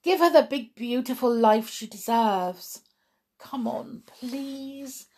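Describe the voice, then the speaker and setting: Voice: medium pitch, animated, measured pace, darkish tone, voice pushed up, lightly acted. A woman reading aloud voices an earnest, determined boy in a hospital ward, pleading and urgent.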